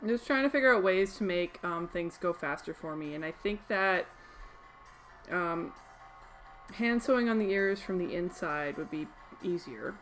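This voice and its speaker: A woman's voice: on the low side, lively intonation, normal speed, a bit bright, faint music behind. Chatty young Canadian woman crafting. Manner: chatty, rambling, laughs often. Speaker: crafting livestream host. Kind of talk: casual chat while sewing.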